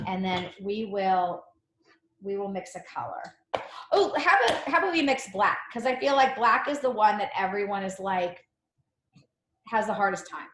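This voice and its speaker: In an echoey room, a woman leads a live online cookie decorating class, chatty and bubbly, with a slight cough. Her voice is a little high and fairly bright, with slight background noise.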